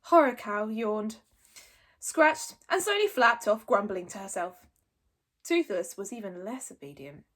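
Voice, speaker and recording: Breathy, lively woman reading a storybook. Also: medium pitch, measured pace. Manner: friendly, expressive. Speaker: storybook reader. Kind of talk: reading a children's book aloud.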